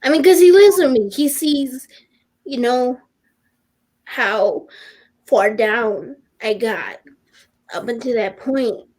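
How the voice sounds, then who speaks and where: A woman's voice: fairly high pitch, expressive, darkish tone. A teenage girl talking as a podcast guest, earnest and openly emotional, often stopping and restarting her sentences. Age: teens. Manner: earnest, halting, with many restarts. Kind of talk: personal podcast conversation.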